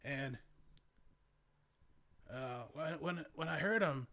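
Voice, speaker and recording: A man plays a young male druid hermit during in-character tabletop role-play, using an exaggerated voice that's fairly high, bright and forceful. The character is laid-back and rambling, speaking haltingly and filling every line with "like" and "man".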